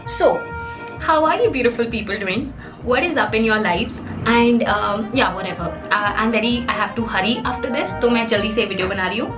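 A woman's voice: a little high, very fast, music in the background. A young woman with an Indian English accent, answering viewer questions in a playful, sarcastic vlog and mixing in Hindi. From Palampur, Himachal Pradesh, India. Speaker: YouTuber. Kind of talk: casual Q&A vlog.

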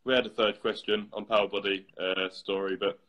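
A man's voice: on the low side, level tone, brisk, fairly bright tone, dull audio. A man hosting a casual live chat over a video call, easygoing and hesitant, with many fillers. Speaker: host.

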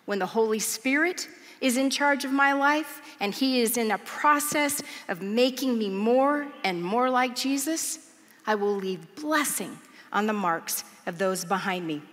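Woman pastor, high bright voice, storytelling sermon, long church reverb. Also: animated, measured pace. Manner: storytelling, humorous and earnest. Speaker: church speaker. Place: large church auditorium.

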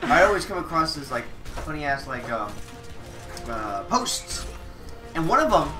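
A man's voice: on the high side, very animated, moderate pace, distant mic, music in the background. A young man co-hosting a podcast, telling crude stories in a rambling, laughing way. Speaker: podcast co-host. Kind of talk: casual chat.

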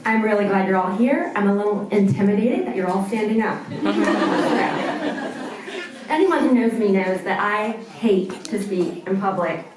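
A woman's voice: medium pitch, lively intonation, unhurried, a loud crowd, heavy background noise. A woman doctor giving an earnest, somewhat self-deprecating speech at an event. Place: large indoor event room. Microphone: far camera. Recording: echoey room from far off.

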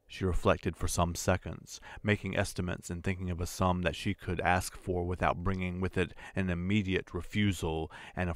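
A man with a very low voice reads a classic story aloud, measured and deliberate. The recording is dry and close, with no room sound. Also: vocal fry, dry recording. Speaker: audiobook narrator. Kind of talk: scripted literary narration.

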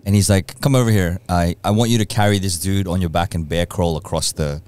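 A man co-hosting a casual podcast chat, telling stories animatedly and acting out scenes in high squeaky voices. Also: fairly even intonation, a little fast, darkish tone. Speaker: podcast co-host.

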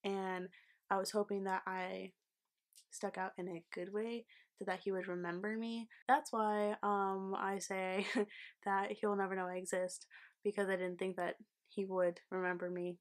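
A woman's voice: mid-range voice, flat delivery, a little slow. A young woman telling a long casual storytime vlog, chatty and full of fillers, laughs and swearing. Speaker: vlogger.

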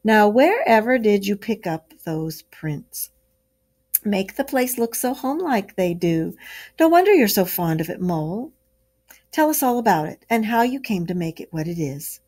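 A woman's voice: mid-range voice, big pitch swings, moderate pace, darkish tone. Woman doing a hearty, cheery water rat. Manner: hearty, encouraging, bossy.

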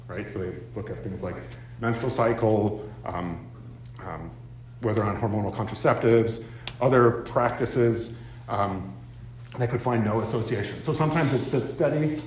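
In a university seminar room with echo and slight background noise, a male professor lectures in a mid-range voice. His talk is peppered with ums and tag questions of "right?"

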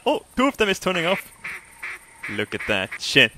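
A goofy man talks through a hunting game in loose let's-play style, joking and swearing as he goes. His voice is bright and animated, and his pace is unhurried. Faint noise sits under the recording. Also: sits high. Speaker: gameplay commentator. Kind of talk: casual let's-play commentary.

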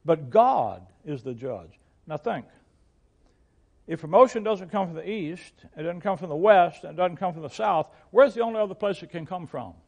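Older male pastor, slightly high voice, conversational Bible teacher who stumbles and repeats words mid-thought. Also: a little fast, creaky, darkish tone, highs cut off. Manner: repeats and restarts words, reads scripture aloud in King James wording.

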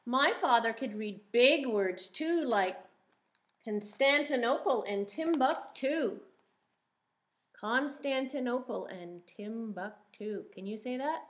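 A woman teacher reading a picture book aloud to young children, stretching and stressing single words in a sing-song way and asking them gentle questions. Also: fairly high pitch, expressive, unhurried, hardly any pauses.

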